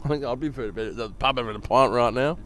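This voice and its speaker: A man commentates on a cricket match in a loose, chatty way, joking and laughing as he goes. His voice sits in a middle pitch, with faint noise underneath. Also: quick pace, fairly bright tone. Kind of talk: casual live sports commentary.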